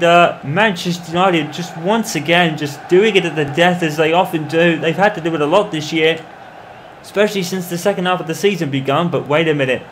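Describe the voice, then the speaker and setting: A man commentating on his own football video game in the manner of a match broadcaster, calling the play and getting loud at goals. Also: sits high, a little hiss or hum. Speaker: gaming commentator. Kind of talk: mock football match commentary over gameplay.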